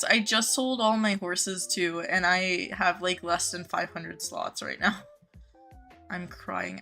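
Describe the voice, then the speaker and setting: A woman's voice: mid-range voice, sharp tone. A young woman live-streaming a game, chatting casually with viewers, greeting them by name and gushing over cute things.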